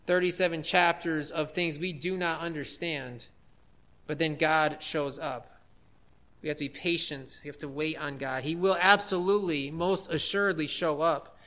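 Male preacher, high and bright, unhurried, emphatic sermon delivery. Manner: emphatic, rising to loud declarations.

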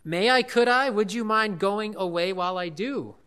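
A frightened young girl from a storybook, hesitant and pleading as she asks for what she needs, read aloud by a man. The voice is high and bright. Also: moderate pace, smooth. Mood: fearful.

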